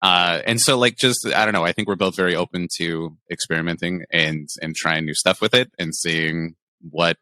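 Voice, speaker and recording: A man's voice: low voice, steady tone, moderate pace, few pauses, sharp tone, dry recording, studio quality. A man guesting on a podcast as a comedy streamer, chatting casually and rambling with lots of fillers over a remote call mic. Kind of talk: casual chat.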